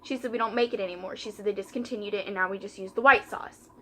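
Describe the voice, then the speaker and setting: A woman's voice: mid-range voice, steady tone, fast talker, bright, forceful tone, a little hiss or hum. A young woman, chatting casually while doing her makeup and retelling a story by quoting customers and coworkers. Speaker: vlogger.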